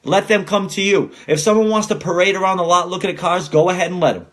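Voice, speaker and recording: A man's voice: high-pitched, fairly even intonation, fast talker. A young man hosting a podcast, ranting casually and swearing a lot as he gets worked up. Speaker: podcast host.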